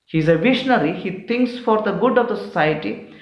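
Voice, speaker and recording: A man teaching, explaining a poem point by point in a slow, methodical way. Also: sits high, animated, echoey room, rough recording.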